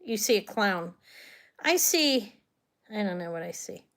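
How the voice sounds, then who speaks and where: A woman's voice: mid-range voice, very animated, unhurried, fairly bright tone. A woman hosting a live online jewelry sale, chatting loosely and often trailing off mid-sentence. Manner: chatty, rambling, trails off and restarts.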